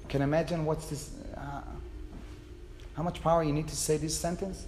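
Man, rabbi, high voice, passionate emotional storytelling, echoey hall. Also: level tone, moderate pace, a little mellow, a little hiss or hum. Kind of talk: personal storytelling talk.

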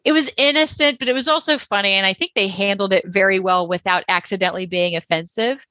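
A woman co-hosts a podcast with a bright, forceful voice, chatting casually about a show. She rambles, hedges and fills with "like" and "you know." The recording is dry and a little dull. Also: medium pitch, fast talker, no room sound. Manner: chatty, rambling with many fillers. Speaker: podcast co-host. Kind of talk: casual TV review chat.

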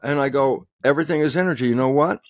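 A man's voice: medium pitch, quick pace, dry recording. Emphatic man, dry close sound. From United States. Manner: animated, emphatic, quotes himself often. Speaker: guest scientist. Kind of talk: passionate interview talk.

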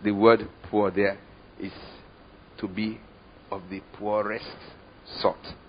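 A Nigerian pastor in full sermon mode, his voice husky and a little breathy. He drops to near-whispers, then swells to loud, drawn-out emphasis. The recording is dull and lo-fi. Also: on the low side, little pitch movement. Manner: dramatic swings from hushed to loud, slow emphatic scripture reading.

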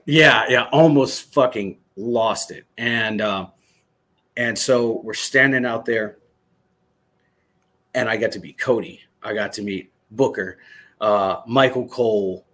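A man in his thirties from Michigan, a former soldier, telling a story as a podcast guest in an animated, excited way, swearing freely. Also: fairly low pitch, slow pace. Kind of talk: casual storytelling interview.

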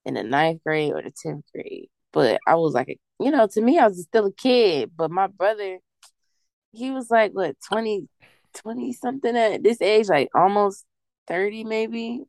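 A woman's voice: medium pitch, animated, moderate pace, gravelly, a little mellow, no room sound. Young woman rambling through a story. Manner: rambling storytelling with many likes. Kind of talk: casual podcast chat.

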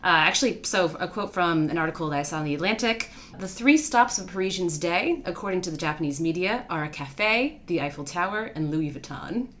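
A woman's voice: fairly low pitch, animated, a little fast, fairly bright tone, a little hiss or hum. A woman co-hosting a casual chat, presenting a researched topic in a wry, playful way and laughing often. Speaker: podcast co-host.

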